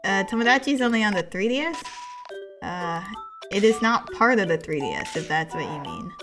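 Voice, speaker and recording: A young woman from the US streaming a video game, chatting with viewers, giggly and excitable. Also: medium pitch, moderate pace. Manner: giggly, excitable, bursts into laughter. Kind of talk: casual gameplay live stream. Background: game music.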